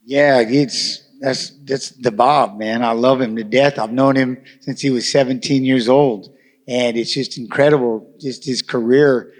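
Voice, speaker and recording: A man's voice: medium pitch, fairly even intonation, unhurried. A man on a fighters' panel telling a fond, chuckling story in a casual way.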